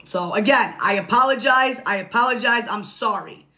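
A woman's voice: on the high side, moderate pace, background noise. A woman talking casually on a live stream, defensive and repeating herself insistently.

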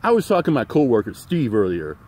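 A man's voice: medium pitch, wildly swooping pitch, quick pace, darkish tone. A middle-aged man hosting his own channel, ranting in a profane, rambling way with many fillers and restarts. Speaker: channel host. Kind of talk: rambling livestream rant.

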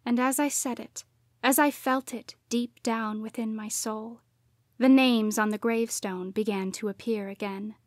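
Hushed, slow-reading woman narrator. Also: a little high, fairly even intonation, no echo, studio quality. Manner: hushed, often dropping to a whisper. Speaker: audiobook narrator. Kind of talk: first-person audiobook narration.

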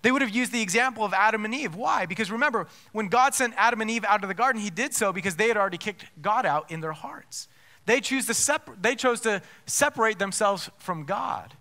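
A pastor preaching with a notably high, bright voice. He drives his points home with rhetorical questions and stacks of restarted phrases. The delivery is emphatic throughout. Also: expressive, a little fast. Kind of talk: sermon.

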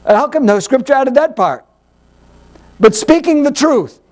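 Male pastor, high pitched, lively, teaching sermon with acted-out dialogues. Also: normal speed. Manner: animated, acts out little dialogues, rhetorical questions.

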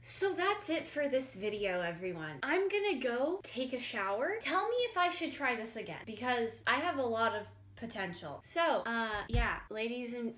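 A teenage girl giving casual, deadpan, jokey game commentary with sudden panicked shrieks, sounding a bit congested. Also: fairly high pitch, normal speed, hardly any pauses, slight background noise. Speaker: gaming YouTuber.

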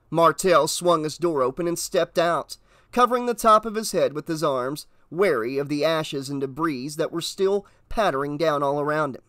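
A man narrating an audiobook in a steady, measured reading voice. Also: on the high side, no echo, studio quality.

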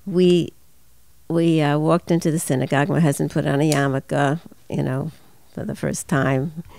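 An older woman telling her story as an interview guest, earnest and measured, stressing each point. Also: low-pitched, fairly even intonation, vocal fry, warm tone.

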